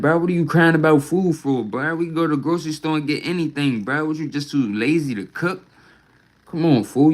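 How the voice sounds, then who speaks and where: A man's voice: a little high, rough recording. Man ranting live from home on his phone, rambling and cussing, closes nearly every line with "bruh.". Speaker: livestreamer. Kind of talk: casual livestream venting.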